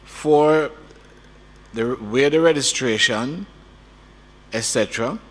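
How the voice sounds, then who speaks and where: A man's voice: medium pitch, takes it slowly. A man in a large hearing room questioning a committee on the wording of a clause, probing and asking for clarification. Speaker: committee member. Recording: hall reverb with faint hum.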